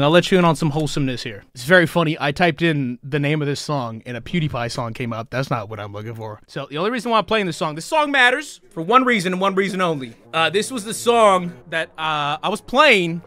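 A young adult man live streaming, talking loudly and excitedly with lots of swearing and frequent shouts. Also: fairly high pitch, dry recording. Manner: loud, profane and jubilant, often shouting.

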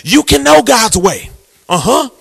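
A male pastor preaching a sermon, dramatic and call-and-response, with shouted peaks, sung phrases and quick, low storytelling stretches. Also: sing-song, creaky.

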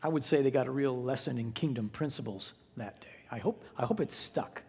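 A man's voice: medium pitch, brisk, creaky, breathy edge. A male pastor preaching a sermon, retelling a story dramatically and voicing the people in it. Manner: dramatic retelling with voiced quotes. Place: church sanctuary. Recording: long hall reverb.

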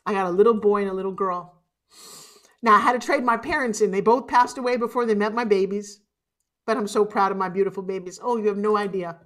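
A middle-aged woman giving a live motivational keynote, animated and emotional, swinging from loud exclamations to hushed asides. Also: mid-range voice, quick pace. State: tearful at times. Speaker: motivational speaker.

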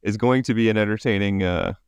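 Low-voiced man, casual chat. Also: fast talker, clean tone, no room sound, studio quality. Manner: brief, amused interjections. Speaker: podcast co-host.

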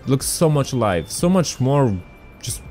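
An excitable male streamer giving casual gameplay commentary, his pitch swinging up and down as he reacts. He chats straight to his viewers and now and then shouts at the traffic. Faint music plays behind him. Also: measured pace. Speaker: gaming streamer.

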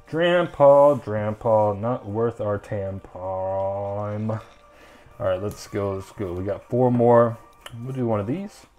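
A man's voice: fairly low pitch, a little mellow. A young man hosting a casual card-opening video, chatting and rambling with lots of ums and uhs. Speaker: channel host opening trading card packs.

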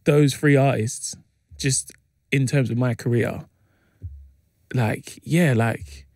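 A man, a comedian chatting as a radio guest and telling lively anecdotes with plenty of slang fillers. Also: medium pitch, slow, no room sound, studio quality. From England. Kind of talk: casual interview chat, animated storytelling. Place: radio studio. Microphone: studio microphone.

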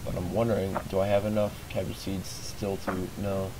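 A man streaming a game, just woken up, talking through his moves in a sleepy, monotone, rambling way. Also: deep voice, moderate pace, noisy background. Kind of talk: casual gameplay commentary.

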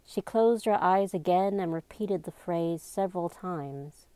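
Woman reading a novel out loud, real slow, soft mellow voice, dry close mic. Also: fairly low pitch, no room sound. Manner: slow, even, deliberate narration. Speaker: amateur reader.

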